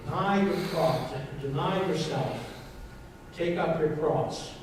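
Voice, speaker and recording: A man's voice: a little high, slow pace, noisy background. A man, a pastor, preaching a sermon with emphatic repetition and questions to the congregation. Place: church sanctuary. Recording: echoey church hall, mic from a distance.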